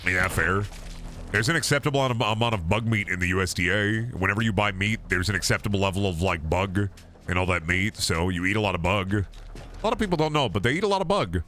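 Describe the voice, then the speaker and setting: A young man casually commentating a game stream, swearing freely and jumping into high, excited yelps when something surprises him. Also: quick pace, soft background music.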